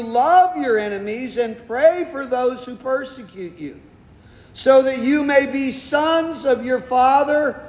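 A man's voice: very high-pitched, a little mellow. A man preaching a sermon as pastor, stressing points emphatically and answering his own questions. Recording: echoey hall, long reverb.

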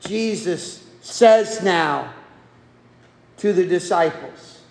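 A man's voice: high-pitched, animated, extremely slow, gravelly. A man preaching a sermon, telling the story in a folksy way and acting out the quotes. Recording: echoey hall.

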